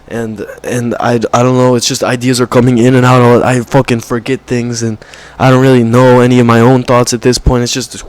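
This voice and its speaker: A man's voice: little pitch movement, brisk, few pauses. A young man talking to camera in a rambling, profane rant, often saying "bro" and mocking others in put-on voices. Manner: mocking put-on quotes in higher voice. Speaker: vlogger.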